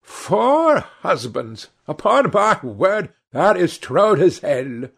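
A teasing, gossipy old society hostess, put on by a man reading a novel aloud. Her voice sits far higher than his own and swings widely with exclamations. A gravelly grain runs under it. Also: big pitch swings, slow, exaggerated voice.

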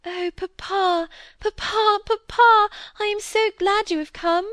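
A woman's voice: sits high, normal speed, no echo, pitched above the performer's own voice. A woman reading an audiobook, voicing a shy young girl who speaks timidly and pleadingly, in a voice raised well above her own. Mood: tearful joy. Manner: pleading, timid, tearful when excited.

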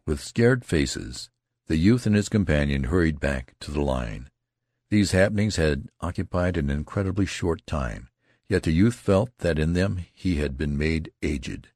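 A man reading a classic novel aloud as an audiobook narrator, expressive and unhurried. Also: very deep voice, no echo, clean studio sound.

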